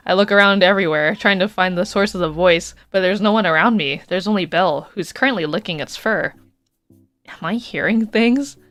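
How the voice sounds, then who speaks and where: A woman's voice: mid-range voice, a little fast, fairly bright tone, no room sound. Playful woman streamer reading a game aloud, faint music underneath. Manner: playful, laughs between lines. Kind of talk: reading a dating game aloud with casual asides.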